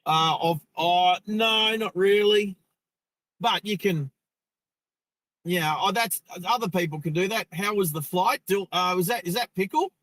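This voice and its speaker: Australian man, live-stream host, chatty and excitable, high-pitched, recorded in a car on a phone. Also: unhurried, dry recording, low-quality recording. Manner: chatty, excitable narration of what he sees. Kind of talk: casual live-stream chat. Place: parked car.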